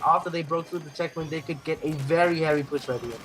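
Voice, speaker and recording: Male esports co-caster, slightly high voice. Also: fairly even intonation, fast talker, a bit bright, poor audio. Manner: analytical, explains players and strategy. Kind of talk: esports color commentary.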